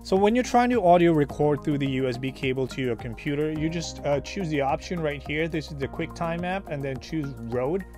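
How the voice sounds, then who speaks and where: A man's voice: a little high, animated, a little fast, few pauses. Man testing a mic with background music. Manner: plain, matter-of-fact, with small fillers. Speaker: gear reviewer. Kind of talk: casual mic test and review. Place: outdoors, then indoors at a computer. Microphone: shifting between phone and shotgun mic at varying distances.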